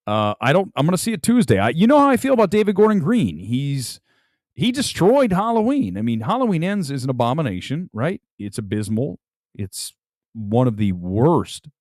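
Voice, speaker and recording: A man hosting a movie talk livestream, ranting about films with loud outbursts and low mutters. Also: sing-song, normal speed, no echo, clean studio sound. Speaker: film critic show host. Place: home room with film boxes and jerseys.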